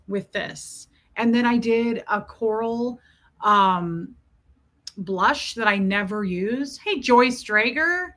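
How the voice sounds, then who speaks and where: A woman's voice: on the high side, fairly bright tone. A woman hosting a casual livestream, chatting and greeting viewers by name as she tells a story. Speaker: livestream host.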